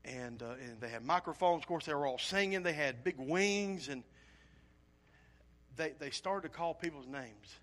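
A man's voice: on the high side, moderate pace. A man preaching a sermon, telling a personal story in an earnest, emotional way and acting out his own asides. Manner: animated storytelling with acted-out asides.

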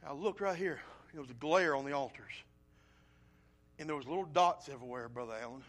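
A male pastor preaching a sermon, swinging from loud pleading appeals to quiet, low storytelling. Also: brisk.

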